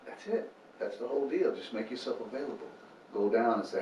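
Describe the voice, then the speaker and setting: This interview guest, who founded a homeless ministry, has a medium-pitched voice and talks a little fast, the recording sounding muffled. He tells earnest faith stories animatedly, acting out quotes, in a roomy room with a distant mic and faint noise.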